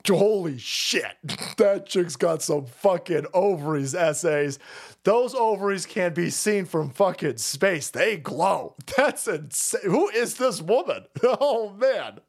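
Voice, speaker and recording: A man hosting a livestream, ranting and swearing, laughing often and swinging between shouting and muttering. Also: high voice, lively intonation, slow pace. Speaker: livestream host. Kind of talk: profane political rant.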